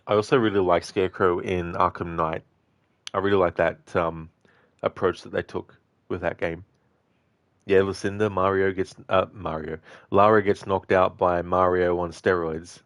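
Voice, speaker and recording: A man's voice: low voice, steady tone, moderate pace, a bit bright, no echo, clean studio sound. A man streaming a game, chatting casually with viewers, with frequent fillers and easy laughs. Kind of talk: casual chat reading viewer messages.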